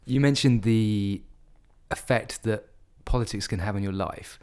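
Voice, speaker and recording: Low-voiced male interviewer asking questions. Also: a little slow, smooth. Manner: probing questions, soft backchannel murmurs. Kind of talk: casual interview.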